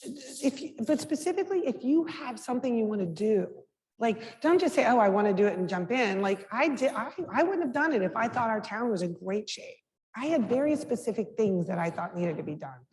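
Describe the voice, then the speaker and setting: A woman's voice: fairly high pitch, lively intonation, brisk, darkish tone. A middle-aged woman, a mayor and guest speaker, answering audience questions frankly and conversationally, with frequent restarts and fillers. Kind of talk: candid Q&A answers at a public talk. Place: lecture hall. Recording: reverberant hall with faint background noise.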